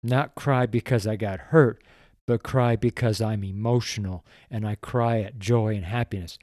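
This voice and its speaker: A man's voice: fairly low pitch, steady tone, moderate pace, dark tone, no room sound, clean studio sound. An older man, a pastor, preaching from his weekly letter and praying, emotional and folksy with rambling asides. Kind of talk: sermon read from a weekly letter, with prayer.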